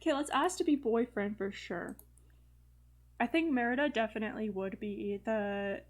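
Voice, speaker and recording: Young woman, let's-play commentary, slightly high voice, chatty, filler words, light laughs. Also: moderate pace. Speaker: gaming video host.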